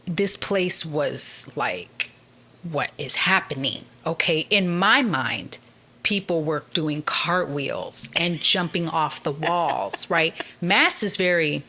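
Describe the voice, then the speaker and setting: A woman guest on a podcast, sharing her personal faith testimony as a lively storyteller who acts out the people she quotes. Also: lowish voice.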